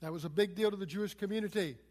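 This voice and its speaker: A man's voice: high-pitched, racing, a little mellow, big-room sound. A man preaching a sermon, walking through scripture verse by verse and retelling it in plain, everyday words.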